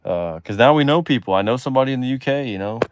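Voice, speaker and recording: A man's voice: medium pitch, expressive, racing, noisy background. A man from Texas with a Texan accent hosts a live stream in casual chat, rambling easygoingly and trailing off with lots of "you know" asides. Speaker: host.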